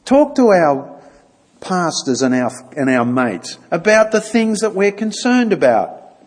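A man speaks to a church gathering in a plain, chatty way and now and then acts out short exchanges. His voice sits a little high and is slightly husky, with a very animated melody. It rings out with a long hall reverb. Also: a little slow. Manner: conversational, acts out little dialogues. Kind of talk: informal church talk.

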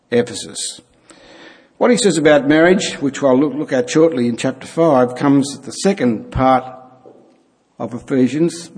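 Casting: male preacher, dry wit, halting, echoing hall. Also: medium pitch, a little mellow. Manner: dry humour, halting with fillers. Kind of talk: sermon. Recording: long hall reverb.

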